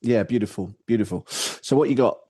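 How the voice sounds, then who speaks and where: A man's voice: on the low side, a little fast, warm tone, husky. A man co-hosting a casual podcast over a remote call, answering his co-host's jabs with dry, sarcastic comebacks. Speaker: podcast co-host. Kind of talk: casual chat.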